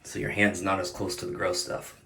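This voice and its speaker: In an echoey bathroom, a middle-aged home repair host demonstrates a fix, joking and reassuring the viewer though a bit winded from the effort. His deep voice is completely flat and brisk, picked up off-mic from a distance with crowd noise behind him.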